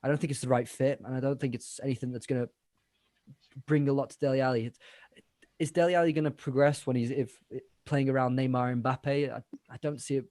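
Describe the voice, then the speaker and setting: A man co-hosting a live football watch-along, giving opinions in a halting way with repeated words. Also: mid-range voice, darkish tone, no room sound. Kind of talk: casual chat over a live match.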